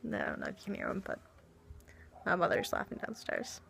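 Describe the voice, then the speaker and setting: Halting young woman, bright voice. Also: mid-range voice, wildly swooping pitch, vocal fry, a little hiss or hum. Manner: halting, hesitant, with many restarts and sighs. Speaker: vlogger. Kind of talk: confessional vlog. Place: home.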